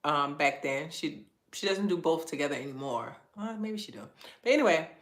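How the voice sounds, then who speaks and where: Woman, low voice, echoey room, coach, animated storytelling, casual phrasing. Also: moderate pace. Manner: animated storytelling, acts out quoted voices in a much higher pitch. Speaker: wellness coach and host. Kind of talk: live-streamed personal story talk.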